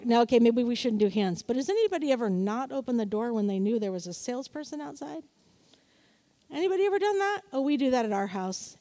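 A middle-aged woman preaching a sermon, telling stories playfully and acting out voices. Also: high-pitched. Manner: animated, playful storytelling with acted-out voices. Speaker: pastor.

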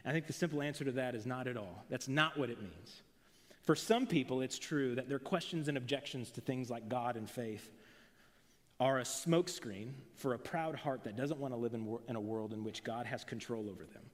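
Earnest preacher in a reverberant hall. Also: male voice, mid-range voice, fairly quick. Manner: earnest preaching with rising emphatic phrases. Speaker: pastor. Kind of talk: sermon. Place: church sanctuary. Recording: long reverb of a large hall.

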